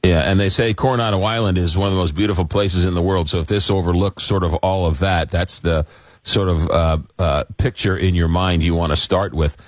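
A man's voice: sits low, fairly even intonation, fairly quick, dry recording. A man hosting a radio talk show, interviewing a guest in a casual manner and stumbling over names.

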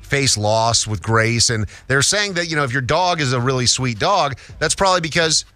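Bright-voiced man chatting on morning radio. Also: mid-range voice, animated, normal speed, no room sound. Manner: teasing, conversational. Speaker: radio show co-host. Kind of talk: casual morning radio chat.

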